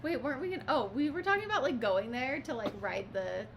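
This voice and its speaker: A woman's voice: sits high, very animated, quick pace, creaky, over a noisy crowd. A woman co-hosting a podcast, playfully chiming in during casual book chat. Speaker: podcast co-host.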